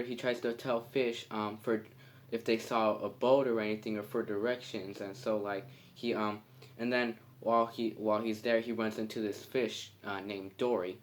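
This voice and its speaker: A man casually retelling a film's plot, halting and full of fillers and restarts. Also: medium pitch, steady tone. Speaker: movie reviewer.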